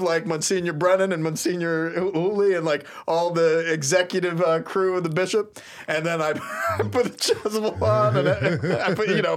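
A man who is a priest, telling a story in a casual, animated, slangy way and laughing often on a talk show. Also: sits high. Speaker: priest, co-host.

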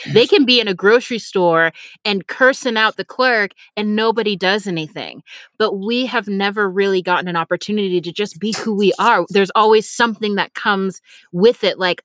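A woman's voice: mid-range voice, a bit bright, no room sound. Earnest woman guest, dry sound. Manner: earnest, lists in a row. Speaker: theater director, guest. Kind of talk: casual conversation.

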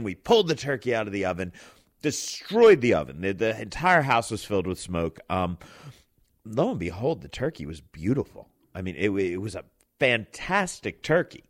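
Guy telling a funny story, kinda low voice, does all the voices. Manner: animated, acts out quoted voices. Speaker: host. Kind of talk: casual storytelling.

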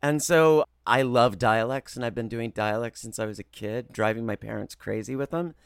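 A man who works as a voice actor, telling stories in an interview in a lively, expressive way. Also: mid-range voice, normal speed, vocal fry, smooth, no room sound, studio quality. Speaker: voice actor guest. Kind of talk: animated interview storytelling.

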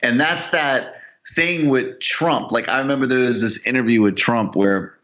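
A man's voice: mid-range voice, normal speed, fairly bright tone. A man in casual political chat, rambling and profane with lots of fillers. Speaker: political commentator. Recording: dull lo-fi audio.

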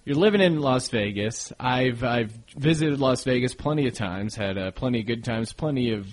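A man's voice: mid-range voice, lively intonation, normal speed. A man interviewing a comedian in a casual, joking way, laughing often and rambling through his questions.

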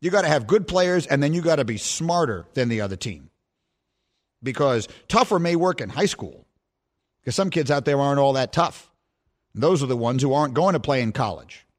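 A man's voice: mid-range voice, expressive, moderate pace. A male sports radio host delivering emphatic, scornful commentary.

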